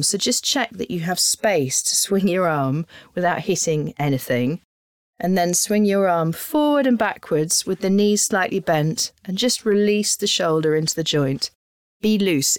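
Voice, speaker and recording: A woman, calmly guiding listeners through voice warm-up exercises as a voice coach and demonstrating the sounds herself. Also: on the low side, dry recording, clean studio sound. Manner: calm, instructive, demonstrating sounds.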